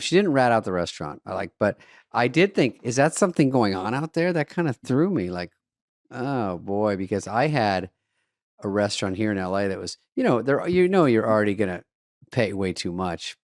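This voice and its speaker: An animated middle-aged man tells comic stories on a podcast, his pitch leaping all over as he acts out both ends of a phone call. He swears and laughs along the way. The sound is close and dry, with no room around it. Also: dry recording. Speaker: co-host. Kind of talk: casual comedic storytelling.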